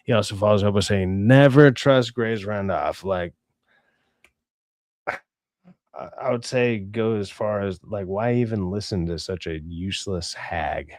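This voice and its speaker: A man's voice: lowish voice, a little slow, no echo, studio quality. A young adult man hosting a livestream, ranting in a profane, exasperated way with many stammered restarts, and reading out chat messages. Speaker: streamer host reading chat. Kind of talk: casual livestream rant.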